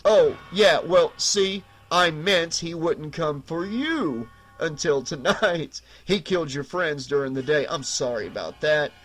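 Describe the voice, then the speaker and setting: Mocking zombie brother, slow sarcastic drawl, man reading him. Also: on the high side, animated, fairly bright tone. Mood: taunting. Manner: taunting, sarcastic, laughing. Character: mocking undead teenage brother, grinning and cruel.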